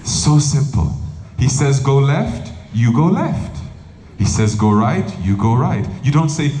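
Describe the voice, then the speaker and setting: A monk giving a humorous spiritual talk, telling stories with lively delivery and acting out quoted voices. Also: male voice, mid-range voice, unhurried. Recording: roomy hall with faint noise.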